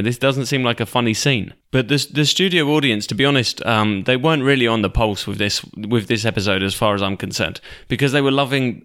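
This is a young man hosting a podcast in casual, rambling talk, with blunt opinions and plenty of swearing. His voice is low and smooth. He wanders through his points with fillers and restarts. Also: fairly bright tone. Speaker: podcast host. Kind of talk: casual recap of a sitcom episode.

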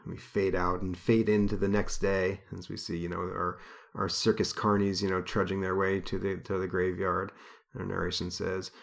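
A man's voice: sits low, level tone, moderate pace, vocal fry. A man hosting a podcast, rambling through a casual comic book review with many fillers. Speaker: podcast host.

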